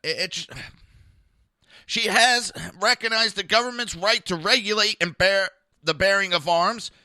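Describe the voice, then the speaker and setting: A man hosting a talk podcast, his voice sharp and tense, fairly high for a man. He rants bluntly and sarcastically, swearing freely and talking to his listeners. The sound is dry and close. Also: unhurried, clean tone, no room sound. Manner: blunt, profane and sarcastic ranting; talks to listeners in a live chat. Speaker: podcast host. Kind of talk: live political commentary podcast.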